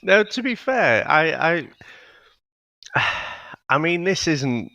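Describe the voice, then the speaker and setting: A man co-hosting a casual film-review podcast, talking in a halting, hedging way with sighs and restarts. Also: on the high side, big pitch swings, bright, forceful tone, no echo. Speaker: podcast co-host reviewing films. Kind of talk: casual chat.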